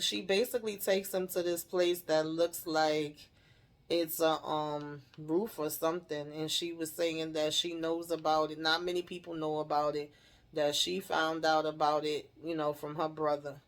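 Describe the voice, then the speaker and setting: A woman casually recapping a TV episode, retelling scenes in her own words and acting out the characters' lines with laughs and swearing. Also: low voice. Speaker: TV recap host.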